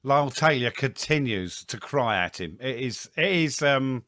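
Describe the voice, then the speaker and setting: A man's voice: medium pitch, animated, measured pace, fairly bright tone, dry recording, studio quality. A man co-hosting a casual football podcast, chatty and enthusiastic. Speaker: podcast co-host.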